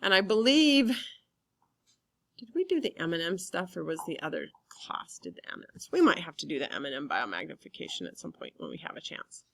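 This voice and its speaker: A woman teacher giving a relaxed classroom lecture, chatty and full of fillers. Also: low voice, brisk, creaky.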